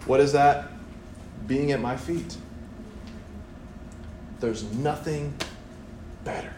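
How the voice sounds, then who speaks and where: A young man preaching a sermon in a church, animated and playful, acting out voices as he tells the story. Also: medium pitch, slow, pauses often, slight background noise. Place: church hall. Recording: echoey church room, faint ambience.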